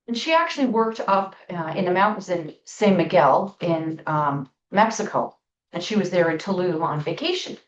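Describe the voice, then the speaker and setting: A middle-aged woman hosting a spiritual talk show, telling a story in a casual, emphatic way and stretching out key words slowly. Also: on the low side, far from the mic. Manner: storytelling, emphatic, with slow drawn-out stresses. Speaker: spiritual podcast host. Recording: echoey room, off-mic, dull sound.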